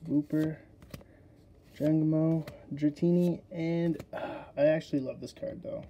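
A man with a deep-toned, very mellow voice chats his way through a casual unboxing, getting excited and addressing the viewers directly. There is a faint hiss behind him. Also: measured pace. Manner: excitable, chatty, talks straight to viewers. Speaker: card-opening video host.

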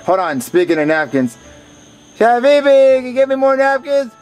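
Man as whiny stammering boy, high-pitched, faint music behind. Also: sing-song, normal speed, a little mellow, dull audio. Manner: stammering, repeating words, whining. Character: whiny, childish boy who dodges blame. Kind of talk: comedy skit acting.

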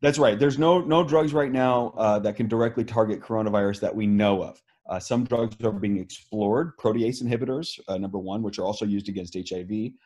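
A man's voice: lowish voice, brisk, few pauses, darkish tone. A man, speaking as an interviewed scientist, explaining earnestly with many fillers and restarts. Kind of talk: video call interview.

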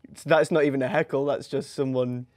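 A man's voice: mid-range voice, fairly even intonation, a little fast, darkish tone. Jokey male chat show host. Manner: jokey, encouraging, short reactions. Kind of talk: casual interview.

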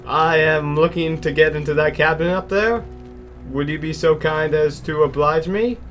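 A man putting on a stiff, overly polite gentleman. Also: a little high, moderate pace, soft background music, pitched above the performer's own voice, close to an everyday voice. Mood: mock-polite. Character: overly polite man, formal and mock-courteous.

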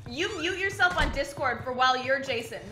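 Brief: bubbly female co-op player, high and animated, giggles a lot, game music behind. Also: brisk. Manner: giggly, teasing, squeals. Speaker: gaming friend. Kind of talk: casual gameplay chat.

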